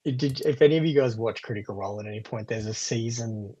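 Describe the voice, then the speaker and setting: A man's voice: mid-range voice, quick pace, mellow, slightly rough, lo-fi sound. A man narrating as game master, chatty, laughing often and wandering off into digressions.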